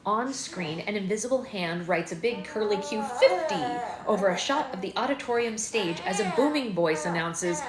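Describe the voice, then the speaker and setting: A woman's voice: medium pitch, normal speed, hardly any pauses. Mother reading aloud in an echoey room. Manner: expressive reading, breaks off to coo softly to her baby. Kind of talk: read-aloud narration with asides. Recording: echoey room with background noise.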